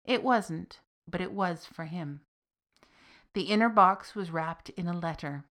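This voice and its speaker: A woman narrating a fiction podcast in a deliberate, even reading voice with soft, trailing phrase ends. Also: fairly low pitch.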